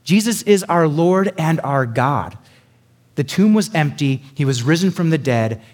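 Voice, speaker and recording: A man preaching a sermon as a pastor, animated and conversational, acting out quoted lines with sudden high bursts. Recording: long hall reverb.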